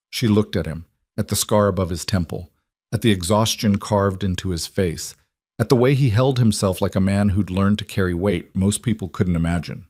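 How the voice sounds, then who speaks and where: Male storyteller: low pitch, steady and measured, dry close recording. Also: dry recording. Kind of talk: scripted narration.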